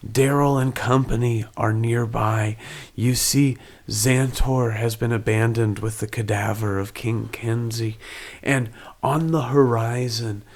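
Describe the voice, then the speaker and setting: A man running a tabletop game as game master, narrating scenes in an easygoing, descriptive way. His voice sits at a middle pitch. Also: fairly even intonation, takes it slowly, hardly any pauses.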